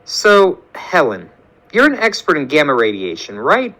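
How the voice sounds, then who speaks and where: A man's voice: on the high side, huge pitch swings, normal speed, pushed and bright, exaggerated voice, rough recording. A man voicing a flustered, sarcastic young woman who fires off exasperated questions. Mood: curious.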